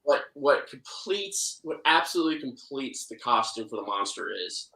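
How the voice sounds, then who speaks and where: A man recaps a film's plot for a casual podcast with deadpan, mock-serious sarcasm. His voice is bright and sharp, and the room around him rings with noticeable echo. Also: medium pitch, moderate pace, vocal fry. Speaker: co-host film reviewer.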